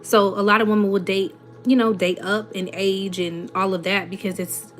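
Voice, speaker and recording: A young woman with a Southern US accent talks casually to her audience, reading comments and answering them bluntly with plenty of sass. Her pitch sits in a middle range, and faint music plays in the background. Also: flat delivery, normal speed. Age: 20s. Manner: blunt, sassy, rhetorical questions. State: runny nose. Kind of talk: casual livestream chat.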